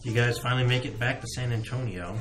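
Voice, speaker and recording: A man's voice: medium pitch, fast. A man narrating as game master in a tabletop game, talking in a casual, joking way with lots of fillers.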